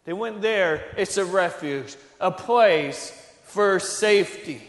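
A man preaching a sermon, slow and earnest, building to emphatic high peaks. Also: reverberant, big-room sound.

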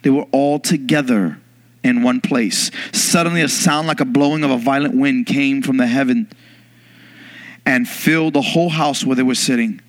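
A man preaching a sermon in church, telling a story with lively acted-out moments. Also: mid-range voice, moderate pace. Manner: animated storyteller, bursts into loud yelling in acted scenes. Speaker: pastor.

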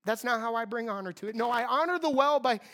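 A woman's voice: fairly high pitch, expressive, quick pace, fairly bright tone. A woman preaching a sermon in an earnest, emphatic way, repeating key phrases for weight.

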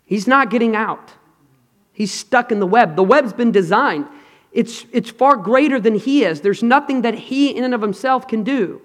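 High-voiced preacher in a reverberant hall. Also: male voice, normal speed. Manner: dramatic, swings from hushed to loud. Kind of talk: sermon. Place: large hall with an audience.

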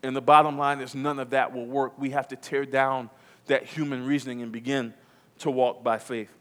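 In a church, a pastor preaches to his congregation in a medium-pitched voice that barely changes in pitch, at a moderate pace. His preaching is emphatic, repeating key phrases and putting questions to the room.

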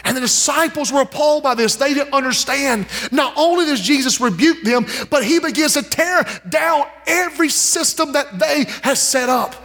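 A man preaching an impassioned sermon as pastor, swinging his pitch and pace and calling out to the congregation. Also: normal speed, few pauses, a bit bright. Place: church sanctuary. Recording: long church hall reverb.

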